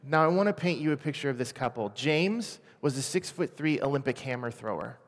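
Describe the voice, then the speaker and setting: A man in his forties from Washington state, sharing a personal testimony in an earnest, quiet, emotional way. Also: mid-range voice, expressive, fairly quick. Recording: long hall reverb.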